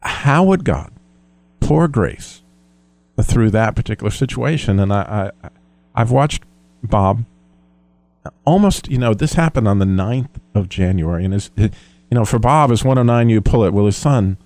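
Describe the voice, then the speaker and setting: Earnest man co-host, low mellow voice, dry sound, reflective. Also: lively intonation, measured pace, no room sound. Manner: earnest, reflective, hesitant restarts. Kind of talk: faith discussion.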